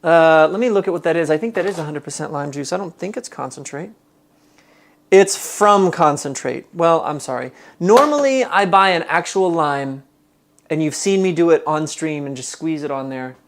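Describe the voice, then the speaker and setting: A man talks casually while cooking on a live stream in his home kitchen. He reads viewer comments aloud and thinks out loud between steps, easygoing and conversational. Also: a little high, brisk.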